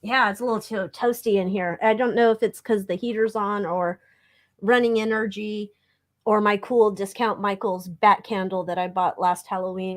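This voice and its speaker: A woman's voice: mid-range voice, steady tone, normal speed. A woman co-hosting a live tarot stream, chatting in a playful, bubbly way and swearing casually. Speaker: tarot reader co-host. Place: home room.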